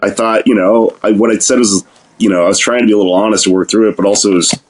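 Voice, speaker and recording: A man's voice: fairly low pitch, fairly even intonation, fast. A man talking loosely on a podcast, rambling and swearing, with frequent laughter. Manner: rambling, profane, laughs often. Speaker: podcast guest. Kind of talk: casual podcast conversation.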